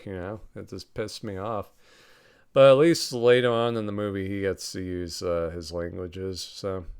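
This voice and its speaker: A man with a low, gravelly voice that is also smooth and clear gives a casual spoken film review. He talks bluntly and swears freely, rambling through fillers and restarts and breaking into short laughs. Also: darkish tone. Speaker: podcast host reviewing a film.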